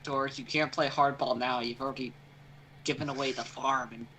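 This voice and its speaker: A man's voice: medium pitch, fairly even intonation, normal speed, bright, forceful tone, a little hiss or hum. A man playing a tabletop game, argumentative and teasing. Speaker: player. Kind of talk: casual tabletop play.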